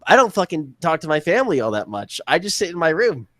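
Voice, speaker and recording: A man's voice: on the high side, big pitch swings, fast talker, fairly bright tone, no room sound. A young man co-hosting a podcast, talking bluntly and swearing freely in casual chat. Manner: blunt, profane, self-deprecating. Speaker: podcast co-host.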